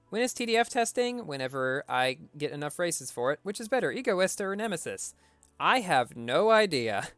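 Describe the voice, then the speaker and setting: Male game streamer, fairly high and smooth, dry close sound, faint game music behind, casual chat Q&A. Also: big pitch swings, normal speed, fairly bright tone, no echo. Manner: reads viewer questions aloud and answers briefly.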